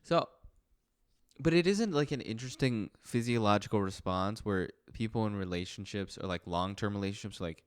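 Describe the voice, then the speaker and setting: Relaxed young man joking on a podcast. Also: fairly low pitch, a little fast, clean tone. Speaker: podcast co-host. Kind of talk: casual chat.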